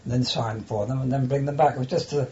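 An older man tells his memories slowly, stopping and restarting often with fillers. His voice is mellow and low in brightness. The recording is dull and lo-fi with a faint hiss. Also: steady tone. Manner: halting, hesitant with many restarts and fillers. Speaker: interviewee, former prisoner of war. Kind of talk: oral history interview.

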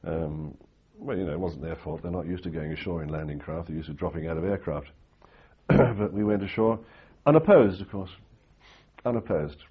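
A man's voice: sits low, brisk, few pauses, breathy edge, muffled recording. An older man telling anecdotes in an interview, rambling with restarts and fillers. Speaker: interviewee recalling war reporting. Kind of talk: storytelling in an interview.

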